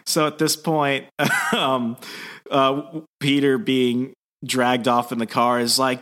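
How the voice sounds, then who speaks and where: A young man co-hosting a casual podcast, retelling a comic's plot and jumping into loud, high impressions of the characters. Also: flat delivery, slow. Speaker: podcast co-host recapping comics.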